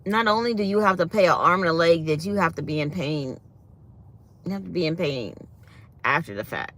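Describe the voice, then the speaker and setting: A woman's voice: fairly low pitch, expressive, a little fast, fairly bright tone. Fields: Sex: woman. Role: vlogger. Style: chatty casual storytelling to viewers. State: sore mouth after dental work. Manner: chatty storytelling, speaks her mind.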